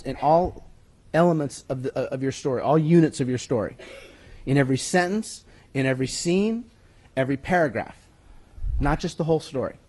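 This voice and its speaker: A man's voice: fairly high pitch, a little mellow, husky. A man giving a conversational, emphatic writing-workshop lecture to an audience in a room, sometimes stepping away from the mic. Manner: conversational teaching, emphatic, with handout references. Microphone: moves away from the mic at times.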